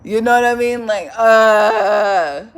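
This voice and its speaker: A young woman recounts an awkward encounter in a loose, chatty storytime voice. She swears constantly, breaks into laughter and lets out groans of disgust, and her delivery stays animated throughout. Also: on the low side. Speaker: vlogger. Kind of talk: casual storytime monologue.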